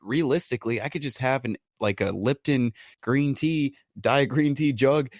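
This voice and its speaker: A man's voice: medium pitch, moderate pace, no echo, studio quality. A young man co-hosting a podcast in casual chat, joking and slangy, telling stories with energy. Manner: joking, slangy, animated storyteller. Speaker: podcast co-host.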